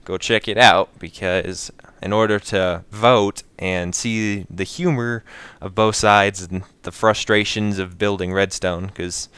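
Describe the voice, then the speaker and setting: An American man with a lowish, smooth, clean voice rambles through a relaxed late-night chat, often breaking into laughter. The close mic sounds dry with no room around it. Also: takes it slowly, no echo. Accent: General American. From United States. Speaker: channel host.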